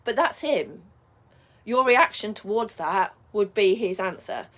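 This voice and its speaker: A woman's voice: mid-range voice, sing-song, measured pace, a bit bright. A middle-aged woman coaching viewers in a casual advice vlog, chatty and reassuring, often checking in with "yeah?". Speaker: spiritual life coach.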